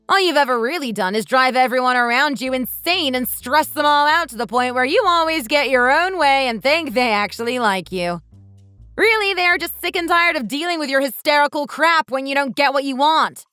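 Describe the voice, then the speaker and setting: A woman voicing a fed-up, sharp-tongued daughter-in-law who fires back with sarcastic, cutting remarks, in a dramatized text-story reading. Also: high voice, no room sound.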